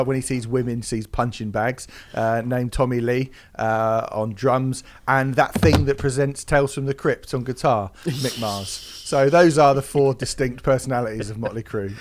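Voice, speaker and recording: A man's voice: medium pitch, fairly even intonation, normal speed, few pauses. A man co-hosting a podcast, talking in a sarcastic, mocking way and laughing often. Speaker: podcast co-host. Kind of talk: casual podcast chat.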